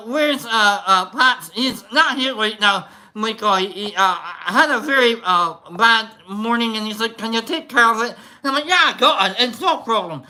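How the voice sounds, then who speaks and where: A livestream host giving casual, rambling shout-outs to viewers, joking around. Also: mid-range voice. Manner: jokey, rambling, tries silly voices.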